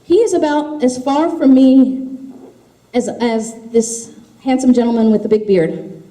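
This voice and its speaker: A woman's voice: high-pitched, animated, unhurried, mellow. A woman giving an impassioned grassroots speech, telling stories with emphatic force. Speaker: grassroots activist speaker. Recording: echoey hall.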